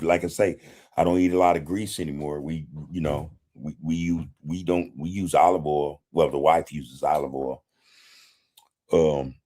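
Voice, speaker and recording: A man's voice: extremely low pitch, darkish tone. A man hosting a casual livestream, reading chat comments in a laid-back way, swearing freely and chuckling often. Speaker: podcast host reading live chat.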